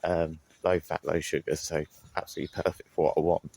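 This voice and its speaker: A man's voice: rumbling low, flat delivery, fairly quick, gravelly, warm tone. A young man chatting casually to his phone while out running by the sea, with lots of fillers and a self-deprecating manner. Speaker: vlogger. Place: outdoors by the sea. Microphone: handheld phone.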